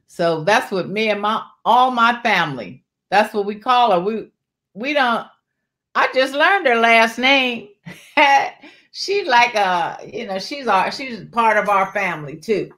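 A woman's voice: on the high side, animated, a little slow. A woman hosting a casual live-stream jewelry sale, chatting freely, calling viewers by name and urging them to order and join her shows. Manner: chatty, calls out viewers by name, folksy Southern-style warmth in words like y'all.

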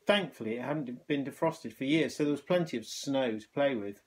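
A man voicing a kind, humble, cheerful hospital porter in a children's storybook reading, with a gentle, polite manner. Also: mid-range voice, moderate pace, natural voice. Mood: kindly.

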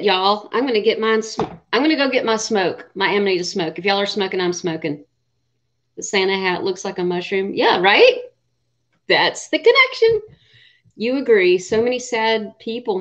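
Swearing, chatty woman on a livestream. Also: medium pitch. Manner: chatty, swears freely, laughs often. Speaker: livestream host. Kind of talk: casual live chat with viewers. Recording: dull lo-fi livestream audio.

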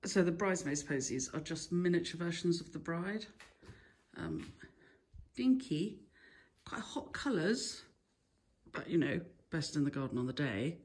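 A woman's voice: lowish voice, darkish tone. A woman flower farmer and florist talking through her wedding flowers in a chatty, self-deprecating way, laughing now and then. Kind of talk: casual how-to vlog. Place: outdoors in a summer garden.

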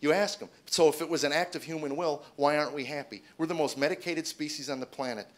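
Brief: middle-aged male stand-up comic, quick delivery, jumps loud and high for acted quotes. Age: 40s. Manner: animated, acts out quotes with big loud jumps in pitch. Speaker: stand-up comedian. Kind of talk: stand-up storytelling testimony. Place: stage before an audience.

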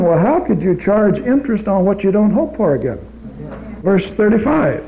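A man's voice: high-pitched, sing-song, creaky. Preacher man on a tinny old tape. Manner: measured teaching, quotes scripture in King James wording. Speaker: preacher teaching a church class. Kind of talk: sermon. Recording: tinny phone-like old tape recording, faint hiss.

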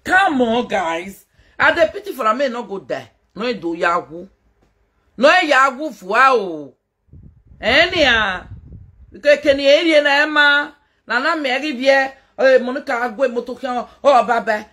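A woman's voice: high voice, expressive, normal speed, fairly bright tone. A Nigerian woman doing a casual live-stream gossip rant as a social media commentator, mocking, laughing and scolding.

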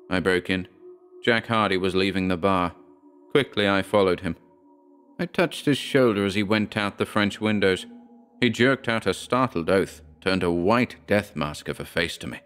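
A man giving a measured, dramatic reading of a horror story. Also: deep voice, fairly bright tone, smooth, soft background music. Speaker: audiobook narrator. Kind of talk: scripted horror narration.

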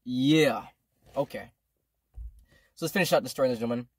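Fast-talking slangy young man. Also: mid-range voice, husky. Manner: slangy, profane, rambling storytelling. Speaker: vlogger. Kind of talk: casual storytime.

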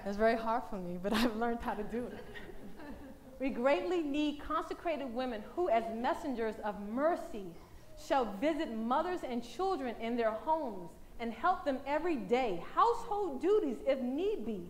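A woman speaking at a church with a high, bright voice, preaching in a loose, conversational way. She is animated and laughs often. A faint hum of room ambience sits behind her. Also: normal speed. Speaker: women's day speaker at a church. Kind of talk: lively church talk.

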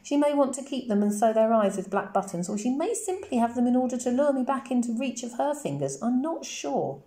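Lady putting on a brave little girl, high earnest voice, mellow tone, echoey room. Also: sing-song, brisk. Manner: earnest, trying to sound grown-up. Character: brave determined young girl. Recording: roomy echoey recording.

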